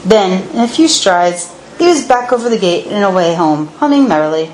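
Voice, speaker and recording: A woman reading a children's storybook aloud in a playful, expressive way, as a paranormal investigator in an old house. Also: medium pitch, moderate pace. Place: historic house interior. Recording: echoey room with faint ambience.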